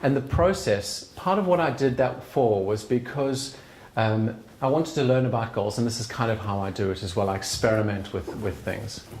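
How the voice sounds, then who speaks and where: Speaking at normal speed in a fairly low, slightly mellow voice, a middle-aged man delivers an earnest, conversational talk. The setting is an evening event in a bar's function room, captured with roomy live sound and slight background noise.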